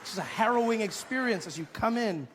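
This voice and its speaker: A man performing stand-up comedy on stage, telling a story in an animated way and acting out other people's voices. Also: sits high, fast, heavy background noise. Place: on stage before a live audience.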